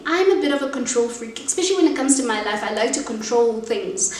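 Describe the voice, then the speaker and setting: Young south african woman vlogging, emotional and chatty, kinda high voice, roomy echo from a bit away. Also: animated, quick pace, darkish tone. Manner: emotional, chatty, addresses viewers as guys. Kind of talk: personal storytelling vlog. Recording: echoey room, distant from mic, faint ambience.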